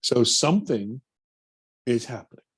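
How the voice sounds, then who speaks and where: A man, a film producer, telling a personal story in an interview, animated and acting out his own quotes. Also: mid-range voice, measured pace, breathy edge.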